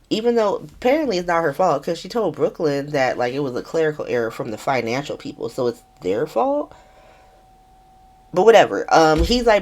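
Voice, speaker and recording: A woman's voice: sits low, expressive, moderate pace. Sarcastic, laughing woman podcast host. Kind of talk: casual soap opera recap.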